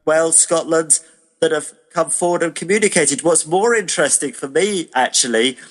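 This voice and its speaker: A man from Britain works as a medium and explains his views in a radio interview. He talks in a measured way and hedges a lot. His voice sits a little high, and a long reverb trails after it.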